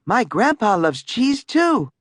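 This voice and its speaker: A woman voicing a loud, blunt young boy classmate in a storybook. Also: a little high, very animated, slow pace, no room sound, studio quality, voice pushed up, heavily acted.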